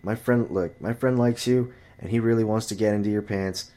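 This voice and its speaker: In a steady, warm voice at a moderate pace, a man casually rants about his friends and dating. He swears a lot and tells the story with exasperation, jumping his voice high to imitate chatty friends and women.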